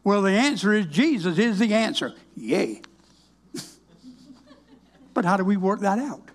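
A man's voice: high-pitched, expressive, normal speed. An older man, a minister giving a folksy, plainspoken, wry personal testimony.

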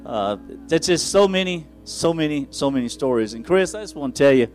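A man's voice: fairly high pitch, animated, a little fast, a little mellow, soft background music. A man preaching as a pastor, telling rambling, self-deprecating stories from the pulpit with frequent chuckles. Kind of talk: folksy storytelling from the pulpit.

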